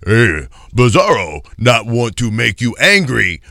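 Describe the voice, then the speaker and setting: Man doing a slow dim-witted Bizarro. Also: medium pitch, big pitch swings, vocal fry, bright, forceful tone, no echo, studio quality, heavily acted. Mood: blunt. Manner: slow broken caveman grammar. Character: dim-witted blunt backwards-talking comic character, male.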